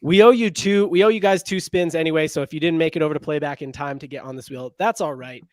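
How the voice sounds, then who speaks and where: A man's voice: on the high side, fast talker, a little mellow, no room sound, studio quality. A man co-hosting a casual sports podcast, chatty and jokey, calling out viewers' names from the chat. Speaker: podcast co-host.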